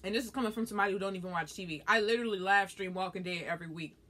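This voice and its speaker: Bright-voiced Southern woman, blunt and profane. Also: mid-range voice, very fast. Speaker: host reading viewer comments. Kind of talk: casual chat while eating.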